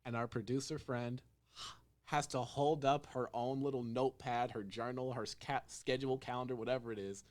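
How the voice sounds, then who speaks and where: A young man hosting a casual podcast, telling a story with lively acted-out quotes. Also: mid-range voice, normal speed. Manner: animated storyteller, acts out quotes in raised voices. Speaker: podcast host. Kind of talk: casual chat.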